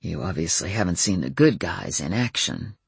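Brief: woman voicing a low, hushed werewolf man for an audiobook, husky and dry. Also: very animated, no room sound, full character voice. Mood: calm. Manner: quiet, measured, low-key. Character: calm male werewolf leader, low and soft.

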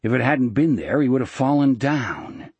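A man reading a novel aloud as narrator, in a measured, steady manner. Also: mid-range voice, breathy edge, no room sound. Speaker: audiobook narrator. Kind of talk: scripted narration.

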